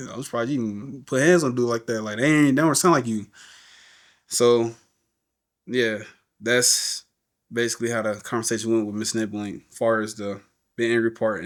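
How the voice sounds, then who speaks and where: Animated man telling a story. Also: medium pitch. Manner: animated, acts out quoted voices. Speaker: podcast guest. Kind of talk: casual storytelling interview.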